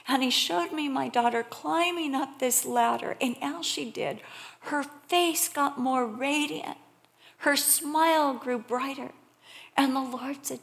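A middle-aged woman preacher delivering a sermon, telling stories animatedly and swinging between loud emphasis and hushed whispers. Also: high voice, takes it slowly, vocal fry.

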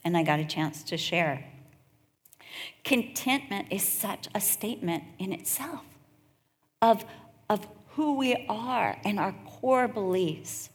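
A woman's voice: mid-range voice, lively intonation. Earnest middle-aged woman preaching. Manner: earnest, storytelling, drawn-out emphasis. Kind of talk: sermon. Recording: echoey hall.

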